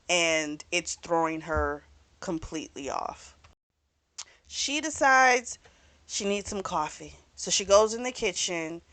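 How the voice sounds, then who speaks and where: A woman's voice: mid-range voice, fairly bright tone. A young woman giving a casual book review, chatty and often laughing, with little asides as she retells the story.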